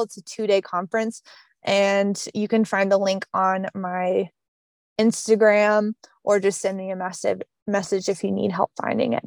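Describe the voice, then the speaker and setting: A woman's voice: mid-range voice, vocal fry, no echo. Woman, Southern accent, podcast guest, bubbly, chatty, lots of fillers, dry sound. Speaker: podcast guest, business coach. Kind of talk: casual interview chat. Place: mountain home.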